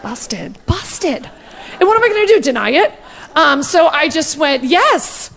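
A woman comedian doing stand-up, telling a gossipy story in a rapid, brash and profane way. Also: high-pitched, lively intonation, creaky, long reverb tail, background noise.

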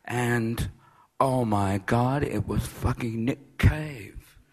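An older man telling a rambling, absurd comic anecdote to an audience, slipping into high excited voices for quoted people. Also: very slow. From Australia. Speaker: guest storyteller at a writers' event. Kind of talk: comic anecdote, live talk.

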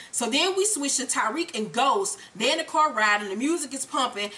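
High, bright-voiced woman recapping. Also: fairly quick, few pauses. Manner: animated, profane storytelling that acts out characters' lines. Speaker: show recap host. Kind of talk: casual episode recap with impressions.

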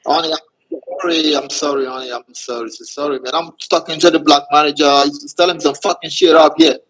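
A man's voice: a little high, expressive, quick pace, fairly bright tone, a little hiss or hum, low-quality recording. A man on a voice chat, pleading and sweet-talking in broken English, calling her baby over and over. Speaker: scammer. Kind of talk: romance-scam voice chat.

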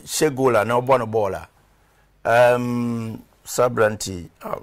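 A man's voice: medium pitch, unhurried. A man, a reverend and former footballer, talking as an interview guest in a rambling storytelling way and stopping to search for names. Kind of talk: conversational interview.

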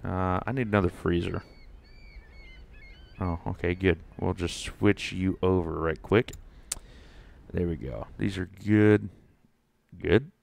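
A man's voice: low voice, slow, gravelly, pauses often, a little mellow. A young man, chatting casually while playing a fishing game and rambling through a folksy story. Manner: rambling, folksy, lots of restarts. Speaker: gaming streamer. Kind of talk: casual gameplay commentary and storytelling.

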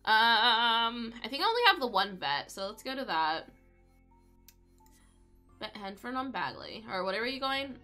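A woman's voice: fairly high pitch, big pitch swings, unhurried, long pauses, sharp tone, faint music behind. A young woman giving casual, chatty commentary while playing a life-simulation game, often talking to the pets on screen. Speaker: gaming video creator.

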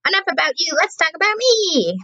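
A woman voicing a flamboyant male robot quiz-show host, announcing in a drawn-out, theatrical way. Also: very high voice, very animated, bright, forceful tone, lo-fi sound, pitched above the performer's own voice, heavily acted. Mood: showy.

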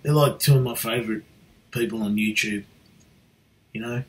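A man's voice: mid-range voice, moderate pace. A middle-aged Australian man in a cheeky, jokey casual vlog, swearing lightly as he chats. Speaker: vlogger.

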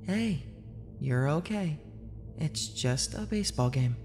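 A man voicing a caring, worried middle-aged wife who speaks softly and soothingly. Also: a little high, big pitch swings, normal speed, big-room sound, faint music behind, pitched above the performer's own voice. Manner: soft and soothing.

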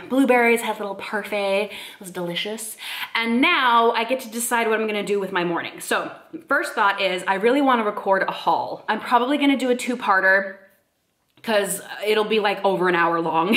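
A woman's voice: medium pitch, a bit bright. Chatty pregnant woman vlogging. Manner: chatty, laughs often, many "like" fillers. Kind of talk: casual vlog chat.

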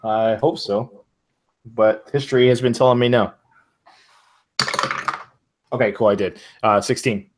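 A man playing a tabletop game, declaring his actions in a quick, offhand way. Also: fairly low pitch, fairly even intonation, background noise. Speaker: player. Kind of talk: casual tabletop play.

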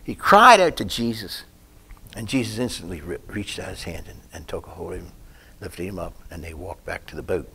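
A man preaching a sermon in a folksy, rambling way, breaking off to comment on himself and growing louder and higher when he stresses a point. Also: lively intonation, brisk, vocal fry, slight background noise.

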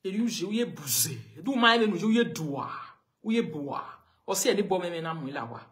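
On a live video, a woman with a Nigerian accent delivers a confrontational rant in a lowish voice with lively intonation and a fairly quick pace. Repeating the same pointed questions, she scolds someone again and again.

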